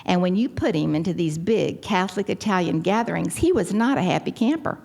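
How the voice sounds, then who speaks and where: A woman's voice: on the low side, fairly quick, gravelly. An older woman from Texas with a Texan accent, giving a personal testimony at a recovery gathering and acting out the quotes in her story. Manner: animated storyteller, acts out quotes. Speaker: recovery meeting speaker. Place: large hall.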